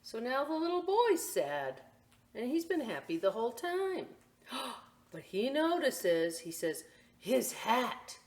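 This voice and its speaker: Speaking with a fairly high pitch at a measured pace, a middle-aged woman reads a picture book for library storytime. Her delivery is animated and chatty, often pausing for asides to her young audience.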